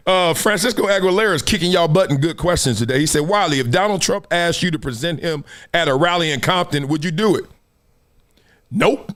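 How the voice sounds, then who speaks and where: A man's voice: a little high, sing-song, a little fast, fairly bright tone. A middle-aged man hosting a live sports talk stream, telling stories animatedly, laughing and acting out quotes. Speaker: host.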